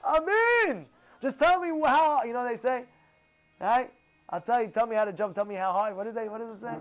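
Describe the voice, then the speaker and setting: A man teaching a Torah class, animated, acting out excited voices with gasps and rhetorical questions. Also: very high-pitched, brisk.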